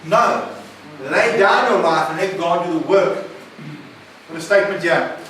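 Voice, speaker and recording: A man's voice: sits high, measured pace, fairly bright tone, a little hiss or hum. A man preaching a sermon, emphatic and often questioning his listeners. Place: recovery centre meeting room. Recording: echoey room, mic at a distance.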